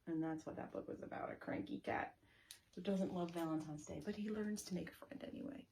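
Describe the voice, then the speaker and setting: A woman librarian leading story time for young children, reading and rhyming in an animated, sing-song way and asking them questions. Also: on the low side, brisk, slight background noise.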